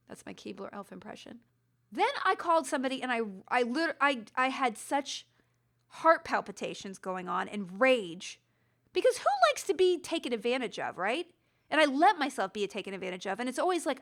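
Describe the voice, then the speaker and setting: High-voiced woman podcast host, animated. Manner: animated, self-deprecating, rambling with restarts. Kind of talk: casual storytelling monologue.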